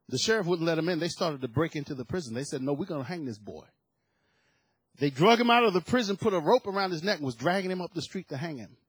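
A man's voice: high voice, fairly bright tone, breathy edge, no room sound. A man preaching a sermon to his church, building to emphatic bursts and repeating words as he goes. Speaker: pastor.

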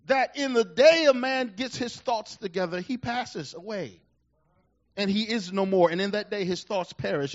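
A man preaching a sermon as pastor, swinging from low talk to shouted emphasis. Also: normal speed. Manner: animated preaching, rises to shouts, chuckles. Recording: dull lo-fi sound.

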